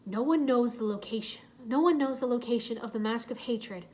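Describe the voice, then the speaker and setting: A woman voicing a calm, precise male robot ninja who speaks formally and literally. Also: on the high side, brisk, close to an everyday voice. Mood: matter-of-fact.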